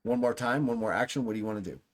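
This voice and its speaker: A man's voice: medium pitch, rapid-fire. A man narrating as game master of a tabletop game, in a casual, rambling way.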